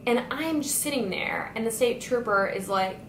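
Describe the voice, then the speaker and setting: A fairly high-pitched young woman, talking at normal speed, animatedly retells a story for her vlog, sprinkling in "like" again and again. Her recording has room echo and faint background noise.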